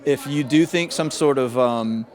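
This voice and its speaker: Middle-aged guy, fbi agent being interviewed, careful and steady, mid-pitch voice, lots of restarts. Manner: measured, thoughtful, with many restarts. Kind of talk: interview answers.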